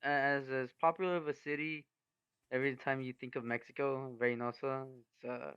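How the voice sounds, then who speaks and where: A man's voice: mid-range voice, level tone, moderate pace, clean tone, no room sound, highs cut off. A man co-hosting a podcast in casual chat, easygoing and joking, with loose slang. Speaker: podcast co-host.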